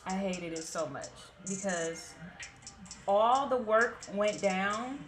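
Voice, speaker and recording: A woman's voice: medium pitch, slow pace. A woman in her thirties from the Bay Area, telling a story to her viewers in a chatty, blunt and profane way. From San Francisco Bay Area. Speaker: vlogger. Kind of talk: casual storytelling. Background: faint background music.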